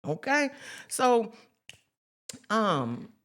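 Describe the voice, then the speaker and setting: A woman's voice: fairly high pitch, very animated, extremely slow, fairly bright tone. A woman hosting a casual spiritual talk for her viewers, chatty and emphatic, with profanity and sudden whoops. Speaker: host.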